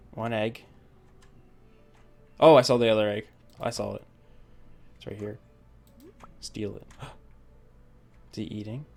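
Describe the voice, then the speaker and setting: A man's voice: mid-range voice, a little mellow. Chatty young man narrating gameplay. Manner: rambling, chatty, lots of fillers and laughs. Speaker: let's play gamer. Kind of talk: casual gameplay commentary with storytelling.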